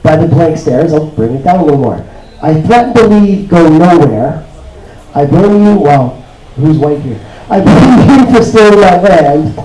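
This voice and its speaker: A Toronto comedian performs a stand-up set, delivering stories deadpan and acting out other people's voices at a measured pace in a fairly high voice. The mic sounds distant in a roomy club, with audience laughter in the background.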